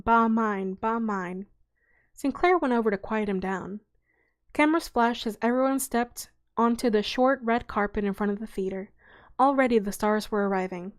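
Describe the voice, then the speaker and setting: Woman reading a children's novel aloud. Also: on the high side. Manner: relaxed, unhurried reading with small slips.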